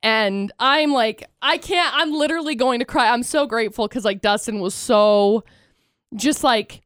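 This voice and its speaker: A woman's voice: fairly high pitch, moderate pace, fairly bright tone, dry recording. A woman co-hosting a morning radio show, talking emotionally and close to tears. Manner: emotional, tearful and gushing. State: near tears. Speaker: radio co-host.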